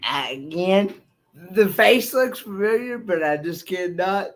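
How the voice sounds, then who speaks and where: A man co-hosting, answering in slow, hesitant replies. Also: high-pitched, expressive. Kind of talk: casual chat.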